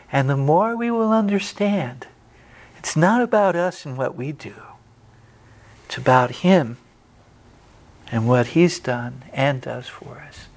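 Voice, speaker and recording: A man preaching a sermon as pastor, telling folksy stories with quoted dialogue and closing in prayer. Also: mid-range voice.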